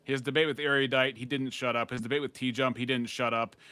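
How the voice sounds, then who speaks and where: A man's voice: mid-range voice, fairly even intonation, a little fast, sharp tone, smooth, dry recording. Wry, teasing male streamer. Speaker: channel host. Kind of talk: casual live-stream commentary.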